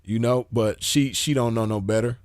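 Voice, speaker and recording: A man's voice: mid-range voice, fairly even intonation, moderate pace, a little mellow, clear, resonant tone, dry recording, clean studio sound. A man giving casual commentary, laid-back and slangy, often checking in with the listener. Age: adult with a child. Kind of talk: casual commentary reading messages aloud.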